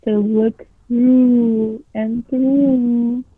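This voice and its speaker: A woman voicing a creature that groans slowly, hunting for its lost toe. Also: fairly high pitch, level tone, breathy edge, dry recording, exaggerated voice. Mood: menacing. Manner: slow drawn-out moaning. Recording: tinny phone-like sound.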